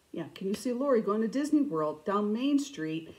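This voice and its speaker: A middle-aged woman hosting a cross-stitch vlog, chatting casually and telling stories with animated, self-mocking humor. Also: mid-range voice, normal speed, poor audio. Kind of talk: casual storytelling chat.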